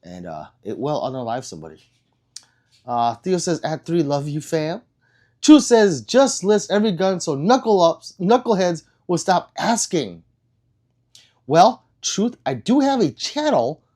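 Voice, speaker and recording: A man's voice: on the high side, very animated, a little slow, darkish tone. A young man hosting a casual live stream, joking and rambling as he reads out viewer comments. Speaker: livestream host reading chat.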